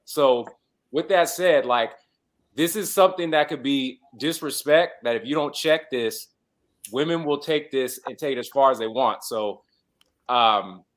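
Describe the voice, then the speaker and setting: A man's voice: medium pitch, a bit bright. A man in his thirties on a casual panel chat, telling a story in a blunt, lecturing way. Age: 30s.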